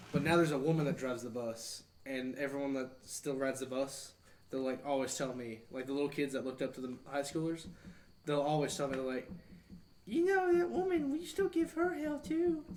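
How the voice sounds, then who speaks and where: A man's voice: mid-range voice, steady tone, a little fast, a little hiss or hum. A young man, a podcast co-host, chatting casually with blunt, joking banter. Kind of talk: casual chat. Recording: mic at a distance.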